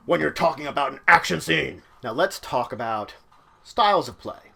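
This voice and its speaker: A man's voice: on the high side, lively intonation, moderate pace, creaky, sharp tone, slightly rough. Man giving casual tabletop game advice. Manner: conversational, loose phrasing with frequent fillers. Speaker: channel host giving game-mastering advice. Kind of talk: casual instructional talk.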